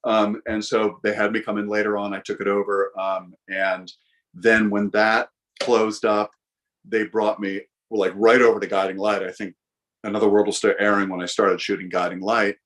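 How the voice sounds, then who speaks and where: A middle-aged American man, a guest actor, telling lively anecdotes in a casual interview with frequent fillers. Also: fairly low pitch, moderate pace. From United States.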